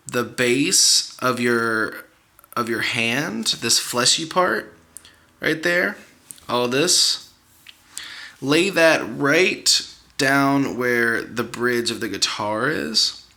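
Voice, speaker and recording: A man's voice: medium pitch, extremely slow, vocal fry, pushed and bright. A young man giving a patient, encouraging guitar lesson, counting the beats aloud as he walks through chords. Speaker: guitar teacher. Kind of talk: guitar tutorial. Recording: guitar playing under the voice. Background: guitar playing.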